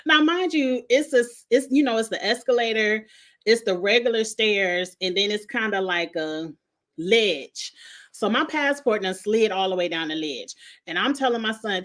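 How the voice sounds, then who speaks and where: A woman's voice: mid-range voice, lively intonation, normal speed, a bit bright. A woman vlogger telling a funny travel story in casual slang, laughing often as she goes.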